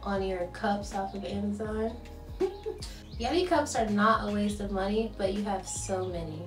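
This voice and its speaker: A woman's voice: mid-range voice, moderate pace, low-quality recording. A woman vlogging a trip in a playful, chatty way, laughing easily. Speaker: travel vlogger. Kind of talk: casual vlog chat. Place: out and about on a trip. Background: music.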